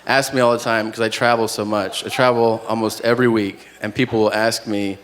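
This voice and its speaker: A man's voice: fairly low pitch, little pitch movement, a little fast. A man doing a stand-up comedy set with dry storytelling, acting out both sides of conversations. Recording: noisy live comedy venue.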